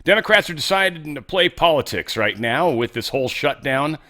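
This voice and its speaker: A man's voice: a little high, expressive, brisk, bright, forceful tone. A man hosting a show, speaking casually and asking the audience rhetorical questions. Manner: folksy, conversational, asks the audience rhetorical questions. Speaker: host. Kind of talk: casual political commentary.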